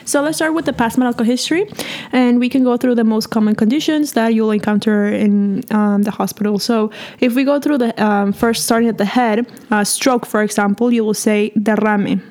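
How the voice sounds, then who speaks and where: A woman's voice: on the high side, steady tone, fairly quick, a little mellow. A woman co-hosting a casual medical Spanish lesson, explaining terms patiently and laughing easily. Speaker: co-host teaching medical Spanish. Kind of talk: casual teaching chat.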